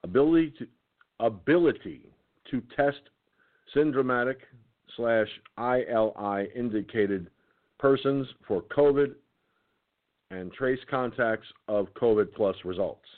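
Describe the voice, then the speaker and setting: A tired man hosting an internet radio show, reading a document aloud haltingly with his own comments, stumbling and restarting words. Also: mid-range voice. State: tired, keeps yawning. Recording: tinny phone-like line.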